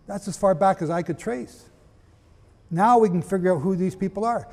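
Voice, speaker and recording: High-voiced preaching man, echoing hall. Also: moderate pace, a little mellow. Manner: emphatic, asks the audience questions. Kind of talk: preaching lecture with readings. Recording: long reverb.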